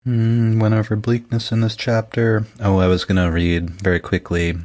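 Deep-voiced man reading aloud on a podcast. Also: little pitch movement, normal speed, darkish tone. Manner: laughs easily, reads quotes aloud. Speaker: podcast co-host. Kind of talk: casual book discussion, reading passages aloud.

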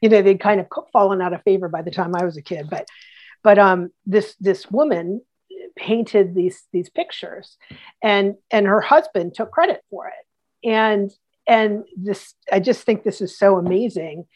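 A woman guest on an interview, telling history anecdotes in a lively way with many restarts. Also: medium pitch, normal speed. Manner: animated, acts out quotes, many restarts. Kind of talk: casual storytelling.

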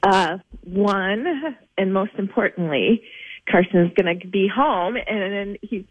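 A woman calling into a radio show over the phone, talking slowly and fondly about holiday decorating. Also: medium pitch, slightly rough, dry recording. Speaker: caller, host's wife. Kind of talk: casual phone call on air. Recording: tinny phone line.

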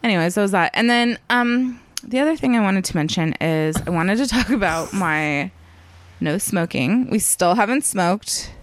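A woman's voice: medium pitch, expressive, moderate pace, dry recording. A young woman talking in a loose, rambling way, with many "like"s and bursts of laughter. Her voice sits in an ordinary middle range. The sound is dry and close, with no room around it. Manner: chatty, laughs often, acts out quotes in loud mocking voices. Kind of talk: casual chat.

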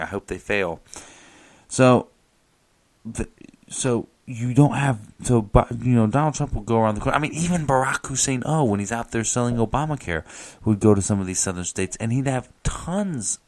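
A man's voice: lowish voice, brisk. A man giving an opinionated solo political commentary, sarcastic and rambling with frequent restarts. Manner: sarcastic, mocking impressions. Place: South Carolina.

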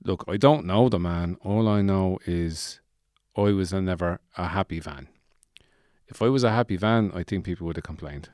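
A man's voice: deep voice, moderate pace, a little mellow, no echo, clean studio sound, natural voice. A man voicing a deluded, gloomy man who lives in a shed, rambling in a meandering, self-pitying yet chirpy way.

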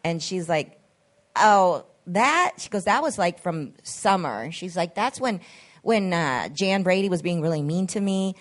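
A woman's voice: fairly low pitch, expressive, moderate pace. A woman hosting a podcast, telling a story in casual chat, acting out the quoted voices and swearing freely. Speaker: podcast host.

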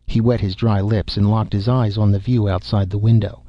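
A man narrating an audiobook in a measured, even way, in a dull recording. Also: on the low side, dry recording. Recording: dull, dry close-mic audio.

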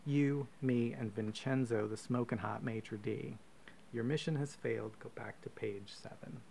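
A man co-hosting a podcast, reading a profane, comic choose-your-own-adventure story aloud with deadpan asides. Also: mid-range voice, a little slow, vocal fry, a little hiss or hum. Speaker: podcast co-host.

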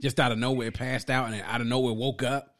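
A man's voice: medium pitch, flat delivery, fast, fairly bright tone. A young man co-hosting a podcast, reacting briefly and asking easygoing questions. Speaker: podcast co-host. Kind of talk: casual podcast chat.

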